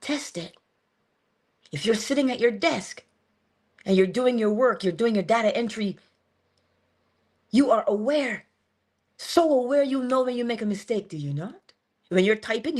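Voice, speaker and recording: A woman's voice: mid-range voice, darkish tone. A woman giving an earnest but casual inspirational monologue as a motivational speaker, talking conversationally with sudden emphasis.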